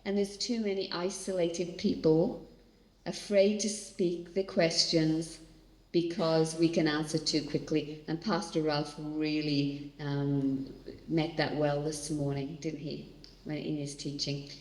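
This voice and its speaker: A woman's voice: sits low, little pitch movement, slow, a little mellow. A woman giving a conversational church teaching as a seminar speaker, speaking earnestly and directly to audience members. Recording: echoey hall.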